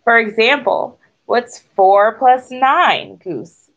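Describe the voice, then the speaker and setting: A woman voicing a boastful, excitable young female duck in a storybook reading. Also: a little high, slow pace, exaggerated voice. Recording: dull lo-fi recording.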